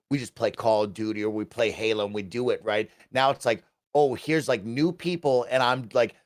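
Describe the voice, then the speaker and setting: A young man on a casual gaming chat, talking enthusiastically and quickly, often tagging his sentences with "right?". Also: medium pitch, dry recording, clean studio sound. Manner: enthusiastic, fast, peppered with "right?". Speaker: guest.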